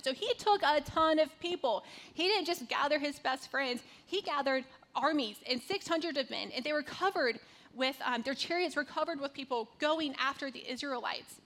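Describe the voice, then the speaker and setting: A woman's voice: high voice, fairly bright tone. A woman in her thirties from North Carolina giving a conversational devotional talk, telling a personal story with casual fillers.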